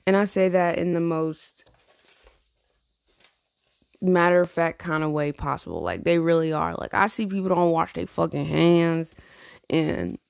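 Woman, casual venting, tired, gravelly voice, dry close sound. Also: on the low side, animated, unhurried, long pauses, no room sound. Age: adult with a teenage niece. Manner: blunt, profane, rambling with laughs. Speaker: vlogger.

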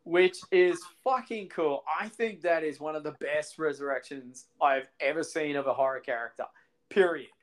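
A man with a slightly high voice talks at a moderate pace over poor audio. He's co-hosting a casual podcast, enthusiastically recounting movie scenes and swearing a lot.

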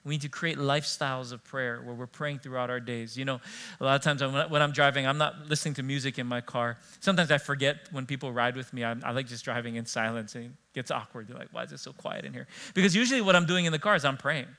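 A middle-aged man, a pastor preaching a sermon in church, animated and conversational, telling stories with asides to the congregation. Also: mid-range voice, fast.

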